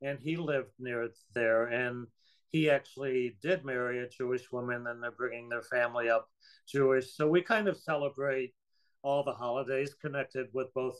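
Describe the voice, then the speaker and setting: Smooth-voiced man from Ohio. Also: mid-range voice, steady tone, moderate pace, poor audio. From Ohio, USA. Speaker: podcast guest, theater producer. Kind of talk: interview answers.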